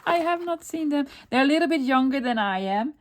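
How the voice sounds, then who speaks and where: A woman's voice: sits high, animated, fairly quick. A middle-aged woman hosting a crafting video, chatting casually, talking to herself as she works and laughing often. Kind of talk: casual crafting tutorial chat.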